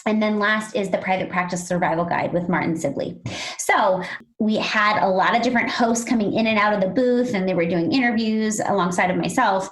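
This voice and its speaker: A woman co-hosting a podcast, chatting casually and telling lively stories with acted-out quotes. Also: a little fast, low-quality recording. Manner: animated storyteller, acts out quotes in a high excited voice. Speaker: podcast co-host.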